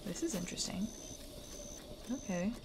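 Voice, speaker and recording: A woman's voice: mid-range voice, lively intonation, normal speed, background noise. Chatty woman streaming a game. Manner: chatty, swearing, talks to herself. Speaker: streamer playing a video game. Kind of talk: casual live-stream commentary.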